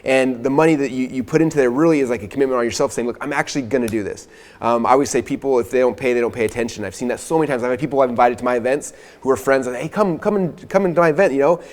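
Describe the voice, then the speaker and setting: A man's voice: medium pitch, rapid-fire. A man presenting a course on a live webinar, talking earnestly and persuasively with a lot of "like" fillers.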